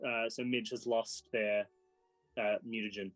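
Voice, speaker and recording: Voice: medium pitch, flat delivery, a little slow, no room sound, soft background music. A tabletop game player making dry, wry comments in casual chat.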